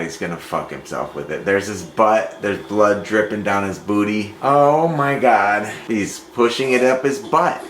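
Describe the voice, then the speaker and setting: A man's voice: on the low side, fairly bright tone. A man reviewing a movie in a casual running commentary, giving a crude, exclamatory play-by-play. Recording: echoey room, faint background noise.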